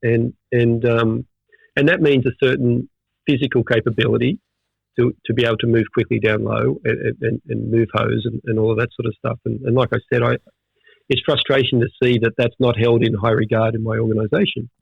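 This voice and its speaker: A middle-aged Australian man, a veteran firefighter, talking in an animated storytelling way with many restarts in a casual interview. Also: medium pitch, a little fast, gravelly, husky, no echo. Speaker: firefighter guest. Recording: dull dry audio.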